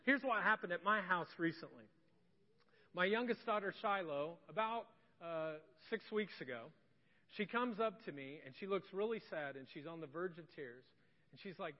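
Pastor, male, 30s, high voice, preaching in a reverberant church, slightly muffled sound. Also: lively intonation, moderate pace. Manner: swings from hushed confessional to loud indignant. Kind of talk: sermon. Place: church sanctuary. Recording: echoey hall, slightly dull.

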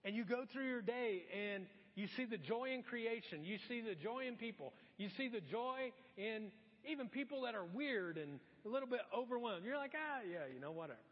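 A man's voice: very high-pitched, moderate pace. A middle-aged male pastor preaching a sermon in a church, acting out exasperated asides. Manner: animated, acts out exasperated asides. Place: church auditorium. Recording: long church-hall reverb, dull lo-fi sound.

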